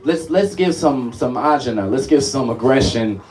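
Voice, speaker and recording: A man's voice: medium pitch, animated, unhurried, darkish tone. A man leading a live music workshop, coaxing the group along and laughing often. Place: workshop room with live audience.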